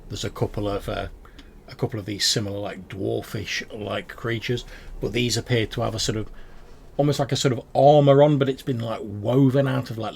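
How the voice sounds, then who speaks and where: A man's voice: lowish voice, vocal fry, darkish tone, slight background noise. A man narrating a tabletop game as game master, with loose, rambling descriptions.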